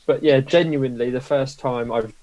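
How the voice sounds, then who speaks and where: A man's voice: mid-range voice, steady tone, moderate pace, a little mellow, slight background noise, low-quality recording. A man, co-hosting a casual film review chat in an emphatic, blunt way and swearing freely. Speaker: podcast co-host.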